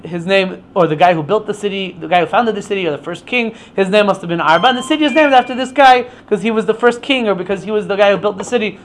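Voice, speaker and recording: A man teaching an informal Torah class, explaining with many stammered restarts. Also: high-pitched.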